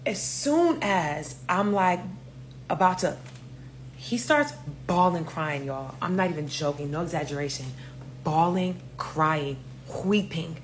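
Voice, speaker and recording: Animated New woman telling a story. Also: on the low side, slow, slight background noise. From New York. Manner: animated, profane, talks straight to viewers. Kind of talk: casual storytime.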